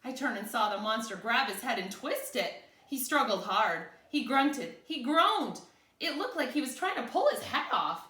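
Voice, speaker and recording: A woman's voice: a little high, sing-song, moderate pace, bright, forceful tone. A woman teacher reading a picture book aloud to children in a playful way, checking in with her listeners. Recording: roomy echo.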